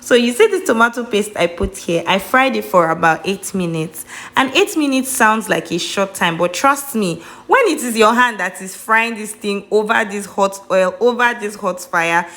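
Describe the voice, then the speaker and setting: Nigerian woman, cooking vlog host, mid pitch, chatty and emphatic. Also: expressive, moderate pace, fairly bright tone. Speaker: cooking vlogger. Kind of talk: cooking tutorial voice-over.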